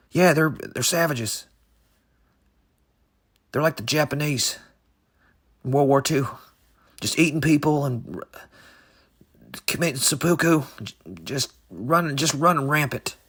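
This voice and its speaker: Man, gravelly voice, halting, rambling, deadpan absurd podcast chat. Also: medium pitch. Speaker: podcast co-host. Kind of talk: improvised comedy chat.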